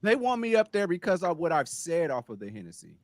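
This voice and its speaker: A man's voice: a little high, sing-song, fairly quick. A man co-hosting a casual podcast, joking around in an irreverent, laid-back way. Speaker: podcast co-host.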